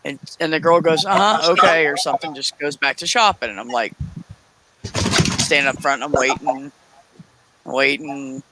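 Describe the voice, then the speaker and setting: A woman's voice: very deep voice, steady tone, normal speed, long pauses, very noisy. A woman in her forties casually telling a heated story, swearing often and acting out quoted dialogue. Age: 40s. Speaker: streamer.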